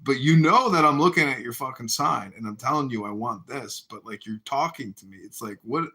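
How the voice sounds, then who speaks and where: A man's voice: medium pitch, fairly quick, pushed and bright. A man in casual podcast chat, ranting crudely and laughing through his own jokes.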